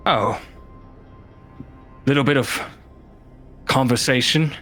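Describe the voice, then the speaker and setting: Give me a man playing a bold pirate rogue in a tabletop game, swaggering and smooth, with faint music underneath. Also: mid-range voice, slow pace, a bit bright. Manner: hearty, swaggering sea-dog talk.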